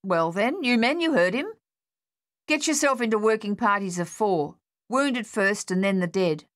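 A woman voicing a gruff, sarcastic older army captain who snaps out his orders. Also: mid-range voice, lively intonation, measured pace, pitched above the performer's own voice, natural voice. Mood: brusque. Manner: snapping, sarcastic.

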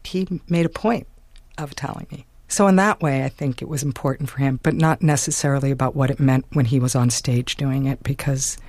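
A woman's voice: a bass voice, steady tone, fairly quick, darkish tone, no echo. A woman being interviewed, talking casually and chattily with lots of "like". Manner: chatty, peppered with "like" and laughs. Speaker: interview guest. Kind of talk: casual conversation.

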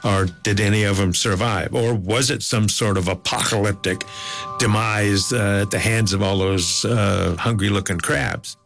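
A man calmly recounting field observations as a guest, with a wry, gently laughing manner. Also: lowish voice, moderate pace, gravelly, faint music behind. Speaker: guest scientist. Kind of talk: storytelling interview.

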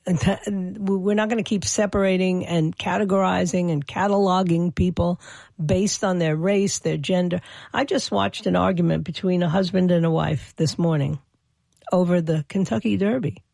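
A political commentator talks through an opinion monologue in a gravelly, creaky voice, recorded dry and close with no room sound. The delivery stumbles over repeated words and restarts, then presses points with indignant emphasis. The pitch sits in a middle range. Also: steady tone, normal speed, darkish tone, dry recording.

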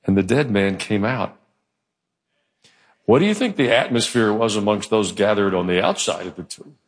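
A male pastor preaching a sermon in a church, telling the story with animated delivery. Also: on the low side, moderate pace. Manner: animated storytelling, acting out quoted voices. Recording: long hall reverb.

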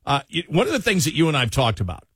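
A man's voice: fairly high pitch, wildly swooping pitch, racing, fairly bright tone, slightly rough, no room sound, clean studio sound. A man with a Buffalo accent hosting talk radio, bantering in an easygoing, casual way.

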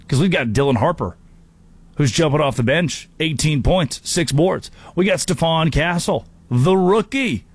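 A man hosting a sports talk show, delivering an animated, jokey monologue with quick impressions. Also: on the high side, husky.

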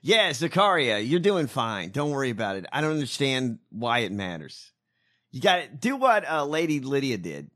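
A man's voice: mid-range voice, very animated, normal speed, a bit bright. A man hosting a podcast, ranting with profanity and disbelief as he reacts to clips. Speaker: podcast host. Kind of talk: casual commentary on clips.

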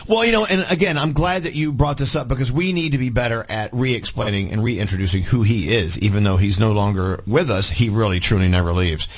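Middle-aged male morning-show host, husky, chatty storyteller, dull lo-fi sound. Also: mid-range voice, fairly quick, few pauses. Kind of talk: casual radio talk.

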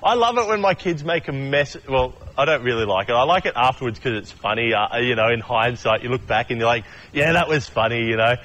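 A man's voice: medium pitch, fairly quick, few pauses, fairly bright tone, a little hiss or hum. A man giving a casual sermon, chatty and joking, acting out quotes and often restarting his sentences. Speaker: preacher.

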